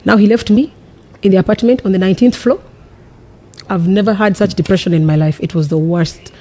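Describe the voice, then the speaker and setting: Woman from africa on a podcast, talks really fast, acts out old conversations, animated. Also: medium pitch. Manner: animated, quick, acts out her own past lines. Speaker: podcast guest. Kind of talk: casual personal storytelling.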